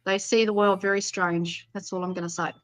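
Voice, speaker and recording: A woman's voice: medium pitch, level tone, fairly quick, poor audio. A woman giving psychic readings on a live stream in a blunt, casual way, swearing freely. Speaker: psychic reader.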